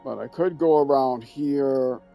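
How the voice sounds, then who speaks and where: Over faint music, a man streams a driving game and provides casual commentary, talking to himself step by step with joking asides. He has a Minnesota accent, and his mid-range voice is a little slow, creaky, and warm.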